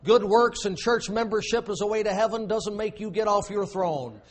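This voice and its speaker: A high-voiced man with a drawl preaches from the pulpit. He presses his points hard, then falls to a hushed low voice for effect. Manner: emphatic preaching with dramatic pauses and sudden drops to a low voice. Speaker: pastor. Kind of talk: sermon.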